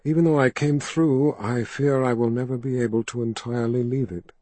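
A man's voice: mid-range voice, fairly even intonation, brisk, mellow, no room sound, close to an everyday voice. A man voicing a frightened young woman haunted by the underworld, speaking faintly and through sobs in an audiobook reading. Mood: haunted, distant. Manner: faint, distant and sobbing.

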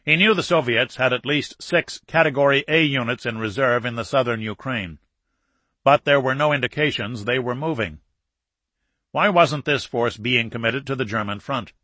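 Male audiobook narrator, steady and measured, bright and forceful, close and dry. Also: medium pitch, dry recording. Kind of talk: scripted narration.

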